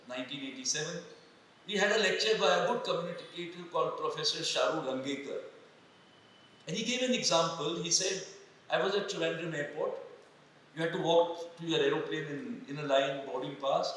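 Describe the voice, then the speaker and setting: A man's voice: on the high side, sharp tone, far from the mic, slight background noise. Older Indian man lecturing in an echoey hall. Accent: Indian English. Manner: asks the audience questions, mixes in Hindi phrases. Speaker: retired army general giving a leadership talk. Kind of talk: motivational lecture to students. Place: large hall. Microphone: microphone through speakers.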